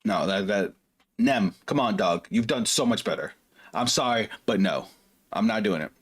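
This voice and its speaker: A man's voice: lowish voice, animated, moderate pace, husky. A man streaming music reactions, talking casually, bluntly and with open emotion, swearing freely. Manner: blunt, profane, openly emotional. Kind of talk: casual live reaction commentary.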